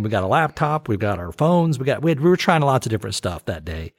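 A man's voice: mid-range voice, sing-song, fast talker, dry recording. A man co-hosting a podcast, telling a story in casual chat with lots of fillers and restarts. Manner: rambling, many fillers and restarts. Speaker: podcast co-host.

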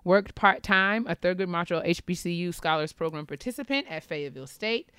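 A woman co-hosting a podcast, reading listener shout-outs aloud and cheering the listeners on. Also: on the low side, a little fast, smooth, no echo, studio quality. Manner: warm and encouraging, cheering listeners on. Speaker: podcast co-host. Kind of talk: casual chat, reading listener letters aloud.

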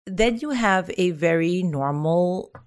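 Lower-voiced comedian woman from India. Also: expressive, takes it slowly. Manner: vivid storytelling, voices the people in her story. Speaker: comedian guest. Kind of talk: animated comic storytelling.

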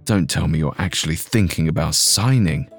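A man's voice: a bass voice, normal speed, faint music behind, voice pushed down. A man voicing a skeptical young man held in custody, sounding wary and blunt. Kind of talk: scripted audio drama narration.

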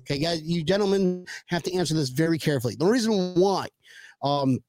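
A man's voice: on the high side, animated, fairly quick, a little mellow. A man hosting a podcast in casual chat, rambling and joking and swearing freely. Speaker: podcast host.

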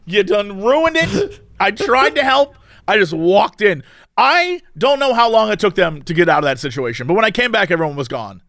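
A man's voice: high-pitched, big pitch swings, brisk, vocal fry, bright, forceful tone, no room sound, studio quality. A man telling a story in casual chat, laughing often and acting out the people in it.

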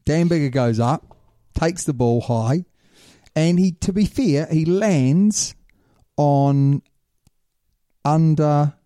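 A man talking rugby in an easygoing, opinionated way, his voice deep-toned and mellow. The sound is dry and close, with no room around it. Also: slow, pauses often, no room sound. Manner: animated, opinionated, says "mate". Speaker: rugby podcast host. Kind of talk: casual chat.

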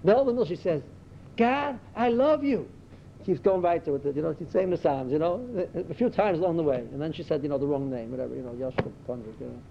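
A man giving a Torah talk as a rabbi, telling stories full of Yiddish and Hebrew words and climbing to excited emphasis. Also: rapid-fire, creaky, few pauses. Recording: dull lo-fi recording with faint rumble.

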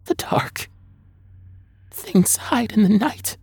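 A man's voice: sits high, lively intonation, slow pace, darkish tone, slightly rough, pitched above the performer's own voice, full character voice. A man voicing a terrified, frail elderly woman in a nursing home, whimpering and pleading in a storybook horror reading.

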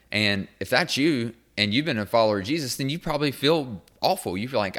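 A man hosting a devotional podcast, talking in an earnest, encouraging, conversational way and growing quiet when he prays. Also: medium pitch, expressive, a little fast, hardly any pauses. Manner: quiet and hushed when praying. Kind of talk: devotional talk and prayer.

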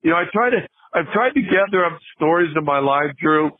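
A man's voice: a little high, expressive, a little fast, no room sound. An older man, a guest on a podcast, telling a funny story in casual chat, with lots of restarts and laughter. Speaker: podcast guest, former basketball player. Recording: tinny phone-line sound.

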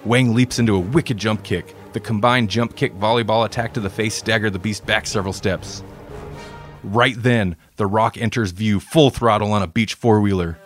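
A man reading a comedic story aloud in a relaxed way, with dry asides. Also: lowish voice, moderate pace, faint music behind. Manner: relaxed, self-deprecating asides.

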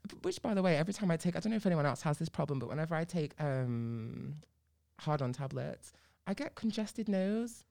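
Low-voiced fast-talking British woman. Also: animated, creaky, mellow. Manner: chatty and frank, laughs often, rushes through restarts. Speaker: podcast guest. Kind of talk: casual podcast chat.

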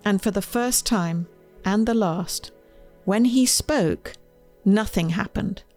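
A woman, the author, reading her children's storybook aloud in a gentle, expressive way, with faint music behind. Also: medium pitch, slow pace.

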